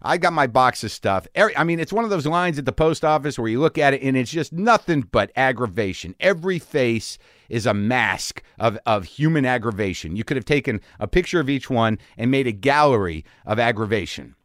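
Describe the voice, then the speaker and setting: A man hosting a podcast, telling a story in a casual, animated way and acting out the people in it. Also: medium pitch, a little fast, no room sound, clean studio sound. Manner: animated, acts out the people in his stories. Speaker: podcast host. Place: home garage studio.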